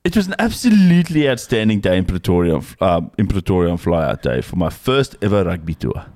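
A rowdy young South African rugby tourist with a thick Afrikaans accent, as a man puts him on, telling a wild story with boisterous relish. The put-on voice is pitched higher than the man's own low voice. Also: very animated, a little fast, a little mellow. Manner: boisterous, storytelling, reading a letter aloud. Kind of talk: comedic read-out in a put-on accent.

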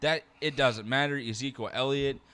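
Guy rattling off football picks super fast, bright forceful voice, jokey ribbing. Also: medium pitch, steady tone, smooth. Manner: fast-talking, teasing banter. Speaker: podcast co-host making game picks. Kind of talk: casual sports-betting chat.

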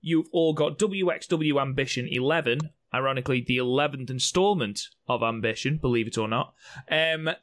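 A man's voice: medium pitch, a bit bright. A man co-hosting a casual watchalong podcast, joking, swearing freely and laughing often. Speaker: podcast co-host.

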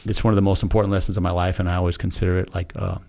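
A man's voice: deep voice, level tone, rapid-fire, vocal fry, mellow. A middle-aged man, a retired Navy SEAL guest on a podcast, telling a personal story in a frank, earnest, casual way and acting out his own past remarks.

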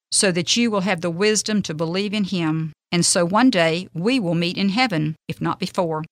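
A woman hosting a radio devotional, reading a faith story in an earnest, gentle, measured way. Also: mid-range voice, dry recording, clean studio sound.

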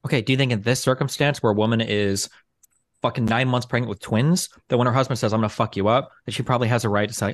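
A man's voice: mid-range voice, steady tone, quick pace, no room sound. A man in a heated online debate, pressing his opponents, interrupting and demanding yes-or-no answers over a video call.

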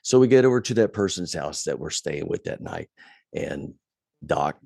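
A man's voice: extremely low pitch, normal speed, vocal fry, breathy edge, no echo, clean studio sound. A man telling a profane story in casual podcast chat, his voice climbing when he gets angry. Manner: profane, animated retelling, voice rising when angry. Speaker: podcast guest.

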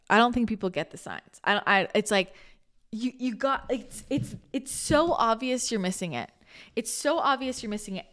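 A woman hosts a spiritual podcast in loose, casual talk, with a voice pitched a little above the usual. She rambles with enthusiasm, restarts sentences often, laughs at herself and swears now and then. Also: fairly bright tone. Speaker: spiritual channeler and podcast host.

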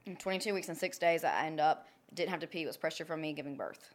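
A young woman tells a personal story in a casual, unfiltered way. Her voice sits somewhat low for a woman. She is blunt and profane and keeps checking in with her listener. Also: fast.

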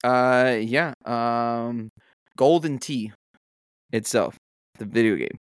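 A young man on a casual podcast, telling stories in a relaxed, laid-back way and swearing freely. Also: medium pitch, slow, smooth, no echo. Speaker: podcast co-host. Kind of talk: casual chat.

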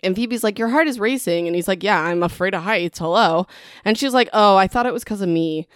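Woman book reviewer, mid pitch, smooth and crisp, dry close sound; sarcastic, gossipy recap with playful cliffhanger asides. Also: fairly quick, no room sound. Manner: chatty and sarcastic, peppered with "like" and "whatever"; dramatic teasing asides to the audience. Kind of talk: casual chapter-by-chapter book recap.

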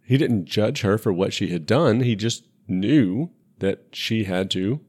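A man co-hosting a podcast in casual chat, talking in an animated, joking way with some swearing. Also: on the low side, measured pace. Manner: animated, swearing, laughs often. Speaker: podcast co-host.

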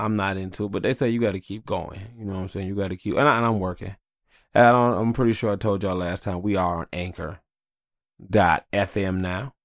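A man's voice: on the low side, dry recording, studio quality. A man hosting a solo podcast, talking casually in a rambling, profane, blunt way about his family and life. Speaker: podcast host.

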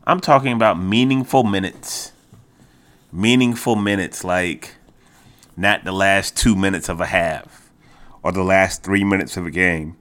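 A man hosting a solo sports podcast, talking casually and getting exasperated, his voice jumping high when worked up, repeating himself and stumbling into restarts. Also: measured pace, a bit bright. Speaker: podcast host.

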